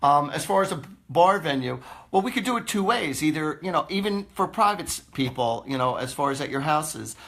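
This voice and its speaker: A man's voice: on the high side, expressive, brisk, vocal fry, fairly bright tone. A man, a psychic host chatting casually on a live stream, rambling and laughing often.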